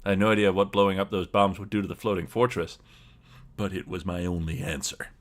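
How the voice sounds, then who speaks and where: A man's voice: deep voice, fast. A man narrating his character's actions in first person as a player in a tabletop story game. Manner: steady, descriptive narration.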